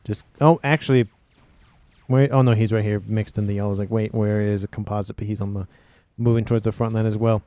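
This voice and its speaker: Upbeat male game caster, crisp dry voice. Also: fairly low pitch, fairly even intonation, a little fast, warm tone, no room sound. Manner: upbeat, chatty, thinks aloud with fillers. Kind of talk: game commentary.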